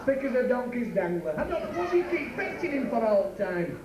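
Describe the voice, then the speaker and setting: A man doing bawdy stand-up comedy at a working men's club, with rapid patter and asides to the crowd. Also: extremely high pitch, very animated. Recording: echoey room from far off, noisy.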